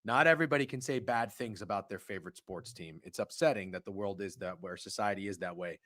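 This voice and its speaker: A man co-hosting a casual sports stream, swinging between loud outbursts and muttered asides. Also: lowish voice, fast talker. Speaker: co-host of a sports betting stream. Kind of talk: casual profane sports chat.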